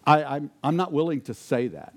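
A man preaches a sermon in a fairly high voice. He asks the congregation rhetorical questions and sinks to a hushed, intense tone to drive points home. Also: expressive, normal speed. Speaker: pastor.

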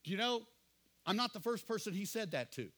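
A middle-aged male pastor preaching a sermon, earnest, often asking the congregation questions and dropping to quiet asides. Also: high voice, big pitch swings, fairly quick.

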